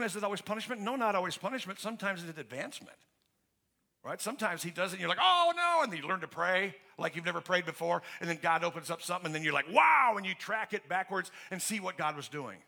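A man's voice: high voice, quick pace, sharp tone. A man pastor preaching a sermon in an emphatic, conversational way, asking the congregation to finish his questions. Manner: emphatic and conversational, with frequent restarts.

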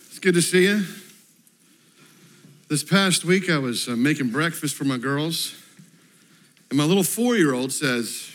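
A man in his thirties preaching a sermon to his church congregation. He talks in an easygoing, storytelling way with self-deprecating humor. His voice sits a touch high for a man. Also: animated, a little slow, long pauses, a bit bright. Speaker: pastor.

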